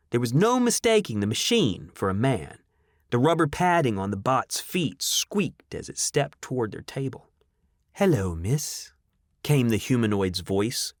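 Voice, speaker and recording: A man narrating an audiobook in a dramatic, expressive storytelling manner. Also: medium pitch, no room sound, clean studio sound.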